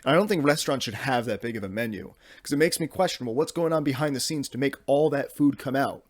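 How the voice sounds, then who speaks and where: Young man, podcast host, casual comedic rant, rambling, exasperated, middle pitch, dry close sound. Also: quick pace, dry recording. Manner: rambling and exasperated, with many restarts and profanity.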